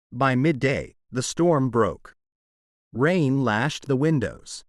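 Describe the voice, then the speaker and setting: A man narrating a romance audiobook in a dramatic, expressive storytelling manner. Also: mid-range voice, slow pace, dry recording, clean studio sound.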